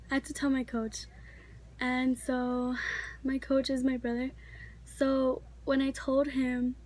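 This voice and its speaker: A teenage girl tells a story in a casual, rambling way, her voice sitting high. She talks in a chatty rush, packed with fillers. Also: darkish tone. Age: teens. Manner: chatty, filler-heavy, many likes. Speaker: vlogger.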